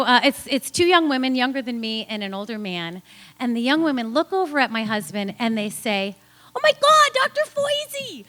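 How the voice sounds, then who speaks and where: Bright-voiced woman telling a lively story. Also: on the high side. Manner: animated, laughing often, acting out quoted voices. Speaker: storyteller at a live story slam. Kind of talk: live personal storytelling.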